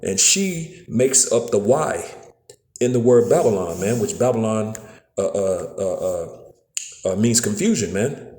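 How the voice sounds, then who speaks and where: In an echoey room, a preacher with a lowish, dark-toned voice teaches scripture street-style, recorded casually on his phone. He's expressive but keeps a measured pace, leaning on "man" and "you know what I'm saying" and stumbling over repeated words.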